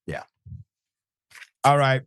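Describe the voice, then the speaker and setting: A man's voice: drawn-out words, a bit bright, slight background noise. A man hosting a live show, reading viewer comments and giving pointed, conversational commentary. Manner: pointed, conversational, addresses people directly.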